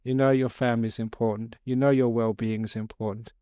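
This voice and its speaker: A Buddhist monk gives a humorous dharma talk to a live audience, full of stories, chuckling and chatting in a jokey, conversational way. His mid-range voice is clear and resonant with a dark tone, level and quick, on a dry recording.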